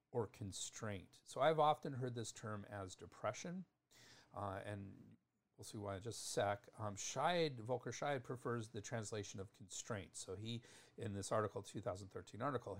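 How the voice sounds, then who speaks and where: A man teaching acupuncture terminology in a thoughtful lecture, often restarting phrases and spelling out terms. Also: fairly low pitch.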